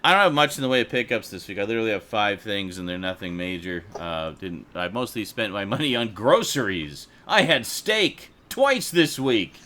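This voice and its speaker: A man's voice: lowish voice, big pitch swings, moderate pace, hardly any pauses, bright, forceful tone. A man hosting a casual home livestream chat into a desk microphone, rambling, laughing often and swearing casually. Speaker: livestream host. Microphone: desk USB microphone.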